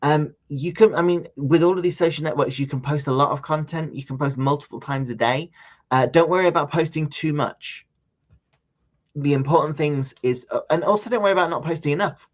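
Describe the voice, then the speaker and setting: A man's voice: a little high, a little fast. A man leading a training session on social media marketing, talking it through in a loose, conversational way with frequent ums and restarts. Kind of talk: live online training session. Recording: slightly dull lo-fi audio.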